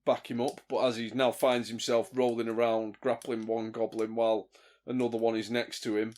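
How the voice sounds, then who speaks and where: A man's voice: medium pitch, level tone, normal speed, a little mellow. A man describing his character's actions in a tabletop game, in a thoughtful, hesitant way. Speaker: player.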